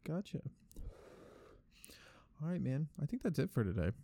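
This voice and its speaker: A man's voice: on the high side, big pitch swings, normal speed, creaky, warm tone, slightly rough, no room sound. A young man hosting a casual podcast chat, laid-back, swearing freely and using lots of fillers. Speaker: podcast host.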